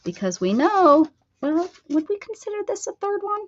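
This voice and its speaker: A woman's voice: extremely high pitch, big pitch swings, moderate pace, muffled recording. A woman hosting a casual crafting livestream, playful and chatty, talking to her viewers as she works. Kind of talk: casual live crafting chat.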